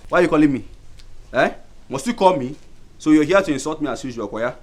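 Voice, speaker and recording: A man's voice: fairly high pitch, expressive, fast talker. A man playing a proud, touchy Nigerian man. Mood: resentful. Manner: blustering, Pidgin-laced banter. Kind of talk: Nollywood film acting. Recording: film soundtrack with soft music.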